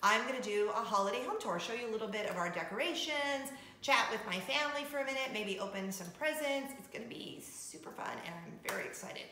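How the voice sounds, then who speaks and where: Bright-voiced chatty woman vlogger. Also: fairly high pitch, expressive, fast. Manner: chatty and upbeat, laughs often. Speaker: vlog host, former radio host. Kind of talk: casual chat to camera. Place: home kitchen. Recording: roomy echo.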